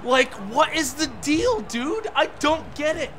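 High, bright-voiced ranting streamer man. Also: lively intonation, measured pace, a little hiss or hum. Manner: profane, exasperated ranting, frequent shouting. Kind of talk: live gameplay commentary.

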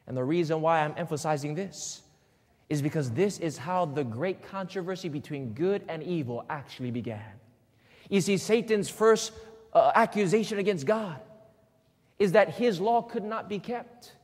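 A man with a high voice preaches a sermon in a church hall, and a long reverb trails after his words. He is emphatic, repeats his key phrases, and keeps prompting the congregation to answer him. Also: lively intonation, moderate pace. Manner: call-and-response, asks the congregation questions.

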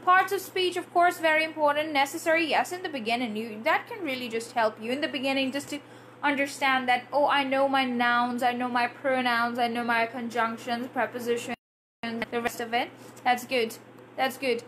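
A woman's voice: sits high, fairly even intonation, normal speed, a bit bright, slight background noise. A woman English teacher answering viewer questions in a live lesson, reading out comments and demonstrating pronunciation. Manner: chatty, reads out viewer comments and answers them; demonstrates pronunciation by exaggerating words.

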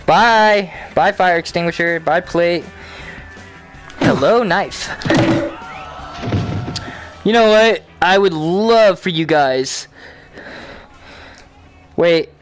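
A young adult gaming host giving casual commentary on a VR game while swearing at and talking to the game characters, breaking into shouts and loud laughter. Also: medium pitch, slow pace, long pauses, soft background music.

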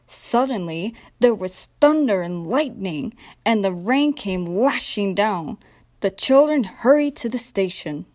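A young woman narrating a children's train storybook in a gentle, expressive read-aloud manner. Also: medium pitch, slow. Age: young adult. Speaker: storybook reader.

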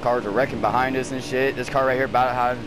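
A man's voice: medium pitch, level tone, fast talker, music in the background, rough recording. A man trash-talking heatedly and cursing while racing online with friends over a headset at home. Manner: profane, ranting, heated, talks to teammates. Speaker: gamer streaming online racing. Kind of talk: angry gaming trash talk.

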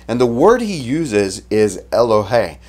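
A man preaching a sermon in a relaxed, conversational way, retelling the story casually and often restarting his sentences. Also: medium pitch, takes it slowly. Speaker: pastor.

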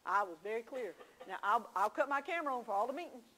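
A woman's voice: a little high, lively intonation, fast talker, bright, forceful tone, a little hiss or hum, rough recording. A woman teaching a church class, telling homey stories with confiding asides. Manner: folksy storytelling, confiding asides.

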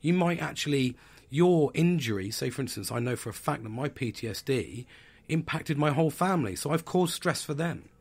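A man's voice: mid-range voice, expressive, normal speed, vocal fry, breathy edge. A man in his thirties hosting a podcast, talking candidly and bluntly about stress, swearing and restarting his sentences. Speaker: podcast host. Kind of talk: candid personal talk on mental health.

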